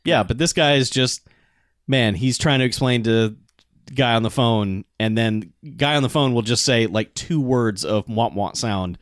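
A man's voice: medium pitch, a little slow, dry recording, studio quality. A man in casual chat, wryly explaining and picking apart a movie's plot. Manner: wry, explains plot points. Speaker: podcast co-host.

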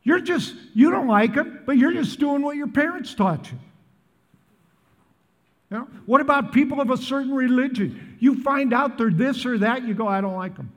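In a large northern Colorado church, a pastor in his 70s, originally from the Midwest, delivers a sermon and keeps putting questions to the congregation. He speaks at a moderate pace in an extremely high, slightly bright voice. A long reverb tail follows his words.

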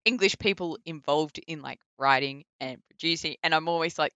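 A woman with an Australian accent, a voice actor chatting casually in an interview, full of likes and ums and quick laughs. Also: medium pitch, sharp tone, clean tone, no room sound. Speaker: voice actor guest.

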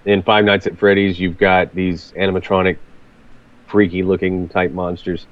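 Man, casual chat, repeats words, fairly low voice, muffled lo-fi audio. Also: little pitch movement, moderate pace. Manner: repeats words when starting sentences.

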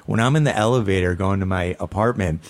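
A man's voice: low voice, fast talker. A man co-hosting a talk show, speaking casually and earnestly, often rambling and restarting his sentences. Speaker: podcast co-host. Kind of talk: casual conversation.

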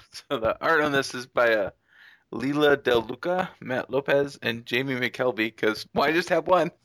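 A man's voice: mid-range voice, expressive, unhurried, fairly bright tone, no room sound. A man co-hosting a casual podcast chat about comics, joking and laughing often. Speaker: podcast co-host.

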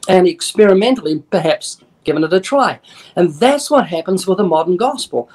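A man speaks as an evangelist in a radio interview. His voice sits a little high, and he explains with earnest, emphatic conviction. He quotes scripture and slips into short acted-out dialogues as he makes his points. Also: expressive, a little fast, darkish tone. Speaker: evangelist guest.

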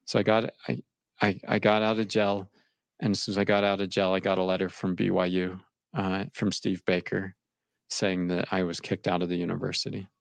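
Man, young, low voice, gravelly, halting, dry close sound. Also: level tone, no echo. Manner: halting, repeats words, shaken. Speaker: interviewee recounting his experience. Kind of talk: emotional personal account.

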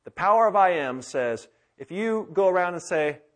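A man preaching a sermon in a church, swinging from loud urgency to hushed, intimate pleading. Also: high-pitched, expressive, moderate pace. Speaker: pastor. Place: church sanctuary with congregation.

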